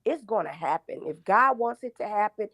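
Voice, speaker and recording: A woman's voice: medium pitch, animated, normal speed, a bit bright, no echo. A woman in her forties calling in to a live show, talking through her points one by one in a chatty, emphatic way. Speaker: caller. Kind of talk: casual phone-in chat.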